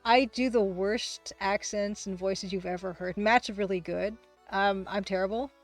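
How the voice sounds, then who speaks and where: A woman hosting a casual livestream, who talks fast, rambles through chat replies, laughs often and pokes fun at herself. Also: mid-range voice, fairly even intonation, soft background music. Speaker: livestream host and game artist.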